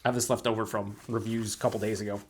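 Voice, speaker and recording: A man's voice: lowish voice, flat delivery, very fast. A man casually reviewing a beer on his own channel, rambling with lots of fillers, swearing freely and mocking himself in asides.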